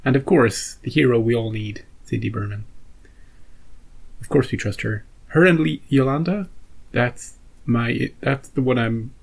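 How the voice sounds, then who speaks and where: A man's voice: medium pitch, unhurried, creaky, husky, poor audio. A man hosting a reaction channel, recapping a show in a wry, musing way and asking himself questions. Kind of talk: casual recap monologue.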